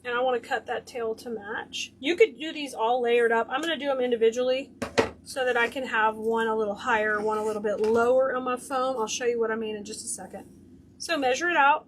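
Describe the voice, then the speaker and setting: Woman, high voice, crafting host, gushy and chatty, faint hum behind. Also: brisk. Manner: chatty, gushing over her work. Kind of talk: hands-on craft demonstration.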